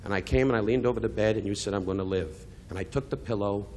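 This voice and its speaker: A man's voice: fairly low pitch, steady tone, rapid-fire, darkish tone, a little hiss or hum. An older man doing a live insult comedy roast at a benefit, brash and teasing, switching to sincere asides. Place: benefit event hall.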